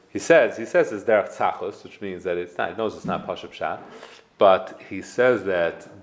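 A man teaching a casual Torah class, explaining prayers with rhetorical questions. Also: sits low. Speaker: rabbi giving a class.

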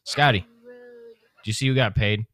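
Male co-host, lowish voice, dry close sound, blunt, argumentative sports talk. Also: a little slow, fairly bright tone, dry recording. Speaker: podcast co-host. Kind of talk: casual sports chat.

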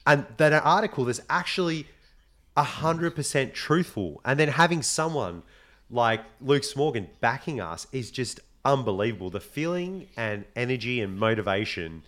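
Australian male co-host, animated storyteller, casual and profane. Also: mid-range voice, normal speed. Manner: animated storyteller, swears freely. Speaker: podcast co-host. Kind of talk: casual chat.

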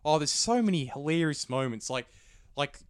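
A man's voice: on the high side, animated, moderate pace, smooth, dry recording, studio quality. A man chatting casually, rambling with lots of restarts and fillers, swearing freely. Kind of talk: casual chat.

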